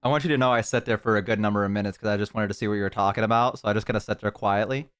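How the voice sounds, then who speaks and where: A man streaming live, talking quickly in a joking, mock-indignant way. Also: fairly low pitch, steady tone, fairly bright tone, clean tone, no echo, studio quality. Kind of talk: casual live-stream chat.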